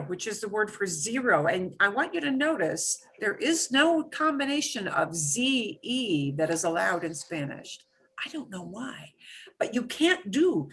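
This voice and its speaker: Lively, bright-voiced woman teaching. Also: mid-range voice, husky. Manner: patient, explains step by step; repeats words for students to echo. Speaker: Spanish teacher. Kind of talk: beginner language lesson.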